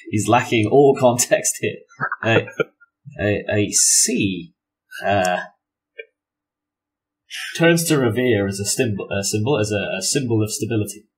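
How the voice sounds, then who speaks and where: A man with a lowish voice narrates as game master of a tabletop game. He keeps it wry and easy-going. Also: animated, a little slow, long pauses, slightly rough, rough recording.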